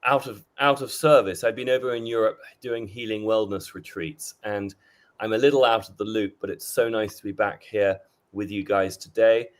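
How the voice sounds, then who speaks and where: A man's voice: fairly low pitch, fairly even intonation, moderate pace. A man speaking as a guest on a roundtable podcast, rambling at length about astrology. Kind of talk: casual roundtable chat.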